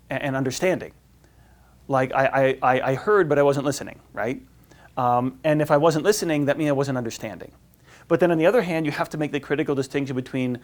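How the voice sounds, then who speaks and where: Chatty priest with a fairly high voice. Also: male voice. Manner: rambling, with many fillers and restarts, acts out quoted voices. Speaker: priest giving a marriage class. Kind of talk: informal teaching talk.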